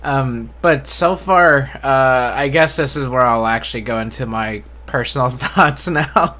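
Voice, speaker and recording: A man hosting a casual live-stream discussion, talking in a flat, unenthusiastic way and often restarting with repeated words. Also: measured pace. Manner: self-described monotone, low enthusiasm. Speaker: host.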